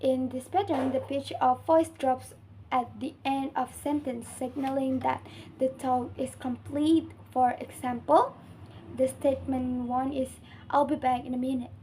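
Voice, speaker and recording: Young woman, Indonesian accent, student reading an assignment, high voice, mellow tone, faint background hiss. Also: fairly even intonation, unhurried, low-quality recording. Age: young adult. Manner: careful, earnest reading with small slips.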